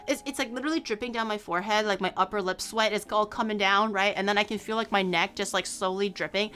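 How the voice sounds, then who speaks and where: A woman's voice: mid-range voice, fairly even intonation, quick pace, few pauses, fairly bright tone, faint music behind. A young woman streamer chatting casually with her viewers, rambling and teasing them playfully with frequent laughter. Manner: rambling, playful, laughs often, teases chat. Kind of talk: casual live-stream chat.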